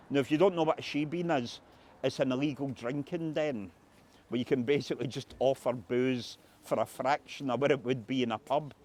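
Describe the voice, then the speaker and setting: A man's voice: mid-range voice, a little mellow. A man with a Glasgow accent leading a walking tour outdoors, telling local history anecdotes and acting out quoted voices. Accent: Scottish (Glasgow). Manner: anecdotal, acts out quoted voices, frequent "uh" fillers. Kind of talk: guided street tour storytelling. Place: outdoors on a city street.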